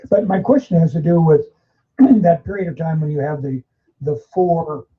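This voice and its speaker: A man's voice: on the high side, moderate pace. Chatty man asking a question, muffled recording. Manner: chatty, hesitant, with restarts. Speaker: audience member. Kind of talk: question at a seminar.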